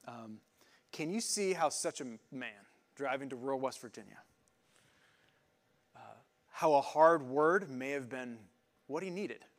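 A male pastor delivers a conversational sermon, working through scripture and word meanings. He speaks informally, stopping and restarting, leaning on fillers as he thinks aloud, in a voice of ordinary middle pitch. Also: lively intonation, unhurried, long pauses.

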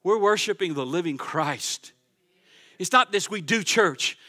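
A man preaching a sermon from the pulpit of his church, fervent and emphatic, dropping from loud declarations to quiet asides. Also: high voice, animated, unhurried. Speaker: pastor. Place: church sanctuary.

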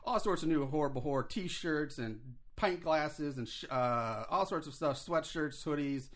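A man's voice: fairly high pitch, normal speed, a bit bright. A man hosting a podcast in a casual, upbeat way, rambling with fillers as he plugs the show and runs through credits. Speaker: podcast host.

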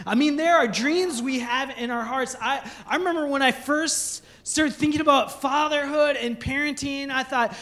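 High-voiced man preaching with playful humor. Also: moderate pace, hardly any pauses, pushed and bright. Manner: playful storytelling with jokes and acted-out scenes. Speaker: pastor. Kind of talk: sermon.

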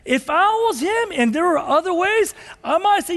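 A pastor with a strikingly high voice delivers a sermon, swinging from quiet asides to fervent shouts. His words ring out with a long reverb from a large hall. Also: animated, moderate pace. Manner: passionate, rising to shouts when quoting scripture.

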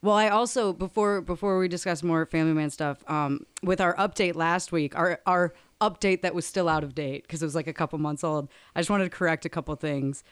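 Woman, podcast co-host, low voice, smooth tone, dry close sound, laughs a lot. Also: fairly even intonation, a little fast, hardly any pauses, dry recording. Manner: giggly, rambling. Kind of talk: casual chat.

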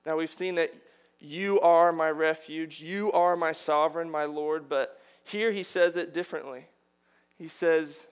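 A man's voice: a little high, fairly even intonation, unhurried, smooth. A man preaching a sermon, earnest and building to emphatic declarations.

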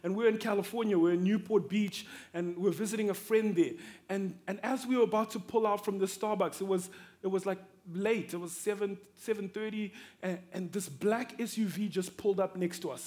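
High-voiced animated male preacher. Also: brisk. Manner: animated storyteller, swings from hushed to shouting. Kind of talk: sermon with personal storytelling.

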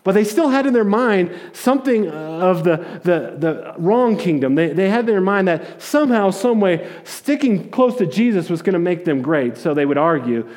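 A man preaching a sermon, retelling a story in a casual, animated way with jokes and acted-out quotes. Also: high-pitched, moderate pace, hardly any pauses. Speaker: pastor.

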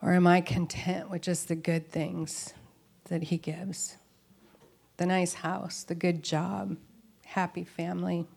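Woman, low-pitched, earnest and reflective, Bible study talk to a women's group. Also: flat delivery, slow, creaky, darkish tone. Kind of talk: informal Bible teaching. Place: room with tables of women listeners.

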